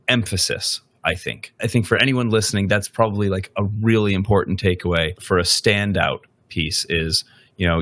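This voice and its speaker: Deep-voiced man hosting a podcast. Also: a bit bright. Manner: rambling, thinks aloud with frequent "right?". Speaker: podcast host. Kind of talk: podcast interview questions.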